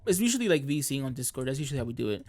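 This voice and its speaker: A man's voice: medium pitch, sing-song, racing, darkish tone. A man streaming, chatting casually in a rambling way, often correcting himself and laughing mid-sentence. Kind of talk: casual chat.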